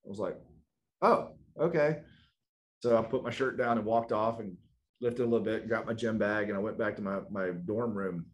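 A man telling a personal story in a relaxed, animated way, laughing often and acting out what people said. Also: on the low side, brisk. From South Carolina, US. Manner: animated, laughs often, acts out quoted lines. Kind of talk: casual storytelling.

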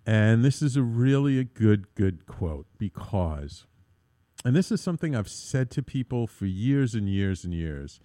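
Male talk radio host, low-pitched, mellow tone, earnest and rambling, dry close recording. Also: no echo. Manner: rambling, many fillers and restarts. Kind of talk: casual radio talk monologue.

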